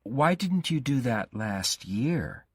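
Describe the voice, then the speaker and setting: A menacing, obsessive young man who pleads and threatens by turns, his voice pushed up high and strained, as a male storyteller puts him on. The voice swoops widely and keeps a husky edge. It is read in a dry storybook narration. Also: very animated, takes it slowly, no room sound, exaggerated voice. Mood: insistent. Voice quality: raised, strained pitch.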